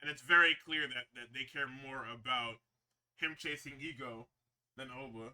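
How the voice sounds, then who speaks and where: A man's voice: medium pitch, moderate pace, pushed and bright. A man hosting a podcast, recapping wrestling shows in a rambling, profane, casual way with frequent laughs. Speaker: podcast host.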